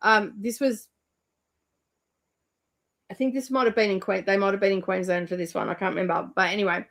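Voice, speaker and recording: A woman's voice: mid-range voice, fairly even intonation, fairly quick. A woman hosting a livestream, chatting casually and rambling with lots of fillers while she reads viewer comments. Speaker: livestream host.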